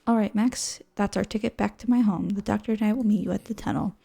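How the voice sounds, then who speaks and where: A woman's voice: mid-range voice, quick pace, gravelly, mellow, breathy edge, faint music behind. A woman reading the lines of an eager teenage girl rider in a horse game.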